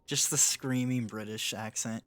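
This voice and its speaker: A man's voice: mid-range voice, steady tone, a little slow, fairly bright tone, no room sound. A young man streaming a game live, chatting casually with his viewers, answering chat and laughing often.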